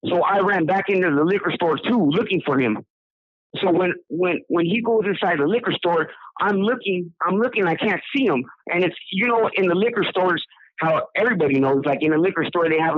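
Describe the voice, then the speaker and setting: A man's voice: high voice, dry recording. A man from Southern California telling his own story in a rambling, casual way, repeating words and acting out what people said. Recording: dry tinny phone line.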